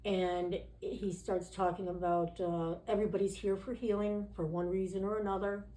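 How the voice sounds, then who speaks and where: Her mid-range voice is mellow and her delivery flat, at a moderate pace. This podcast guest shares her personal story in a frank, meandering style packed with "like" and "you know," often voicing the people she quotes, all captured with a roomy echo.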